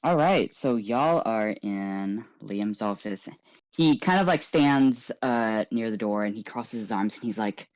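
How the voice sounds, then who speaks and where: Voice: medium pitch, measured pace, low-quality recording. A game master casually narrating what the characters do in a tabletop game. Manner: casual, relaxed storytelling.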